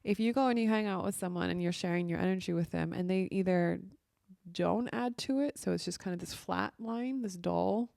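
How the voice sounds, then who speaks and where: Chatty woman with a gravelly edge. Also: on the low side, a little fast, a little mellow, dry recording, clean studio sound. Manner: chatty, heavy use of "like" and "you know". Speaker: spiritual coach and podcaster. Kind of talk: casual monologue.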